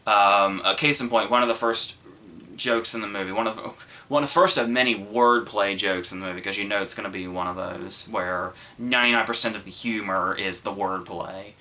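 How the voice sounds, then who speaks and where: A man's voice: lowish voice, brisk, bright, forceful tone. A man hosting a movie review podcast, talking casually and rambling, with many ums, restarts and curse words.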